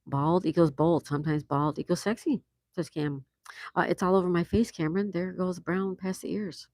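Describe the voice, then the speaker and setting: A man's voice: sits high, steady tone, normal speed, a little mellow, dry recording. A man hosting a casual livestream, reading viewer comments aloud and reacting with easy laughs. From United States. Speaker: livestream host reading chat. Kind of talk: casual live chat.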